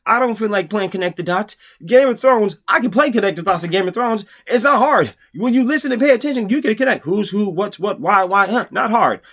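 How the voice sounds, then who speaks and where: A man's voice: high voice, animated, a little fast, few pauses, fairly bright tone. Profane, ranting man reviewing a book. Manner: profane, exasperated, mocking.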